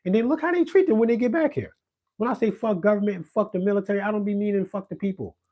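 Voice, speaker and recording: Profane ranting man. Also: fast talker. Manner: profane, confrontational, swings from low mutter to loud outbursts. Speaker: podcast host ranting on politics. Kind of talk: profane monologue rant.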